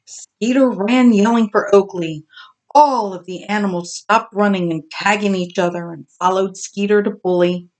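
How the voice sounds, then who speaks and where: A woman reading a children's storybook aloud as narrator, in an expressive, animated way. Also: mid-range voice, normal speed.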